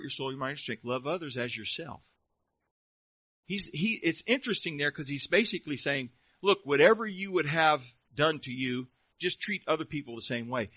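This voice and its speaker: Emphatic man preaching a sermon, fairly high voice, dry close sound. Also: pushed and bright, no room sound. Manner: emphatic, asks the congregation questions. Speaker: pastor. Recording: dull lo-fi recording.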